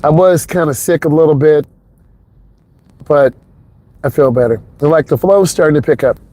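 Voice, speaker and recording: Driving along an expressway, an instructor who teaches driving chats and wanders in conversation with the viewer, recorded in the car on a wireless clip-on mic going to a phone. His warm voice is a little high, delivered at a moderate pace.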